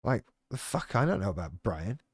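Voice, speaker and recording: A man's voice: lowish voice, sing-song, normal speed, husky, no room sound, clean studio sound. A man telling a personal story in a rambling, self-deprecating way with a lot of swearing. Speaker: channel host talking about living with BPD. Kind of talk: casual personal monologue.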